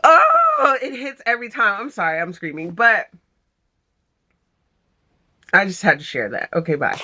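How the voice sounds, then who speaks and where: A woman's voice: fairly low pitch, expressive, moderate pace, bright, forceful tone, slightly rough. A young woman chatting in a casual reading vlog, gushing and chatty with many fillers. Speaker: book vlogger.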